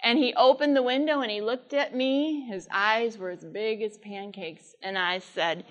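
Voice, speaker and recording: A woman speaking to a church congregation, with a slightly high voice. She tells a story in a lively, animated way and keeps turning to her listeners with asides. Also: normal speed, hardly any pauses. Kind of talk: storytelling sermon talk.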